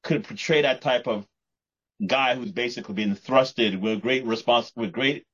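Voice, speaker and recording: A podcast co-host rambles through a casual chat, repeating and restarting his sentences. His mid-range voice is fairly bright and slightly rough, his speed is normal, and the podcast audio is muffled and lo-fi.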